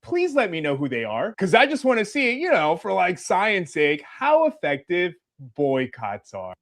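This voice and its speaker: A man's voice: high-pitched, wildly swooping pitch, moderate pace. A man making a callout video, speaking in a sarcastic, profane, mocking way. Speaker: commentary video creator.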